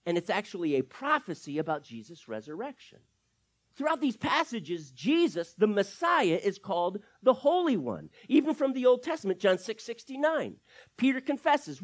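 A pastor delivers a sermon in a lively, swooping voice of middle pitch that rises and falls widely. He works through scripture verse by verse, animatedly firing rhetorical questions at the congregation.

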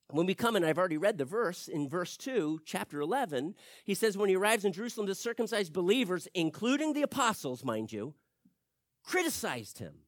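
A man preaching an expository sermon, animated and acting out the people he quotes. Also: fairly high pitch, no room sound, clean studio sound. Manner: animated, acts out quoted speech.

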